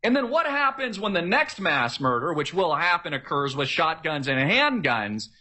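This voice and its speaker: A man's voice: fairly high pitch, big pitch swings, normal speed, bright, forceful tone. A man delivering an emphatic, repetitive political rant, mocking the people he argues with. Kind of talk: ranting political monologue.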